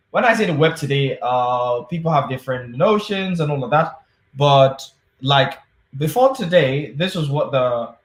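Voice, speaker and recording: A man's voice: mid-range voice, roomy sound. A man giving a conference talk over a video call, chatty and self-deprecating with many fillers. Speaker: tech conference speaker.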